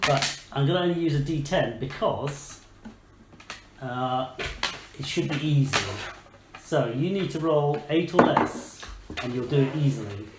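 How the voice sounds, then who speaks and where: A woman's voice: extremely low pitch, measured pace, long pauses. A woman running a tabletop game for children, asking patient, coaxing questions. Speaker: game master. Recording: echoey room, faint noise.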